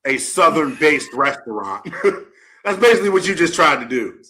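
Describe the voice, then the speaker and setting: Male radio co-host, lively pitch and bright tone, teasing banter. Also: normal speed. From United States. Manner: animated, teasing, exaggerated outbursts. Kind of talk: casual sports radio banter.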